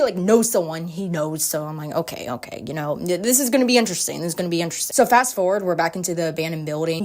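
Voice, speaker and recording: A woman's voice: low-pitched, darkish tone. Slangy, swearing woman recapping anime. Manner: slangy, swearing, rapid, joking. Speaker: reaction video host.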